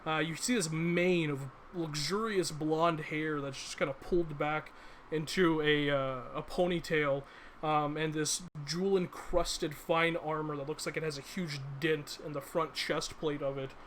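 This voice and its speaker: A man's voice: on the high side, steady tone, measured pace, a bit bright, slight background noise. A man narrating as game master of a tabletop game, hesitant with many fillers.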